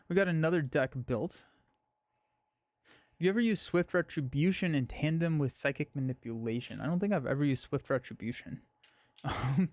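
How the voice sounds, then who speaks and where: A man's voice: a little high, no room sound. A man hosting a live stream, chatting casually and thinking aloud, with frequent fillers and restarts.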